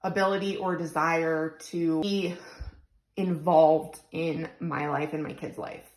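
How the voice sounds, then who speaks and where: A woman's voice: sits low, steady tone, slow, darkish tone, reverberant, poor audio. A young woman venting tearfully and rambling about her frustrations into her phone, close to crying. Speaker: single mom vlogger. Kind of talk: emotional venting vlog.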